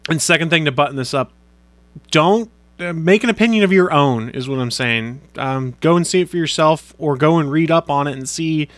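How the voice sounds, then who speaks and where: A man's voice: a little high, fairly bright tone, dry recording. A man co-hosting a podcast in casual chat, telling rambling stories. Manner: rapid, rambling storyteller. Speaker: podcast co-host.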